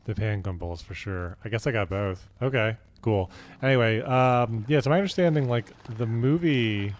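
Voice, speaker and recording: A man's voice: lowish voice, moderate pace, slight background noise. Rambling young man streaming a game. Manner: rambling, many fillers and restarts. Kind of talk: casual gaming commentary.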